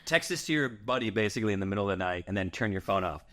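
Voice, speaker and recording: A man's voice: fairly low pitch, expressive, rapid-fire, noisy background. A man hosting a podcast, chatting casually with a guest in a playful, teasing way and laughing often. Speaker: podcast host. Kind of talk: casual interview chat.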